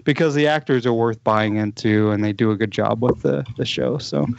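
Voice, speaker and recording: A man on a podcast, telling the plot of a TV show in a rambling, animated way, with many restarts. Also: mid-range voice, moderate pace, creaky, dull audio. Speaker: podcast co-host. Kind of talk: casual chat, recommending a TV show.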